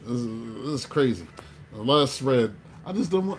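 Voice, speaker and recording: A man giving a casual tarot reading, animated, swearing and talking to himself. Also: medium pitch, normal speed, a little hiss or hum. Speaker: tarot reader.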